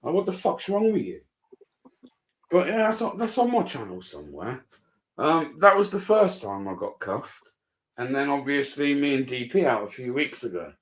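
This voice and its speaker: A British man telling a story in casual live chat, animated and swearing a lot as he recounts it. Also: mid-range voice, normal speed. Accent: British English. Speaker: auditor streamer. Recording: roomy echo.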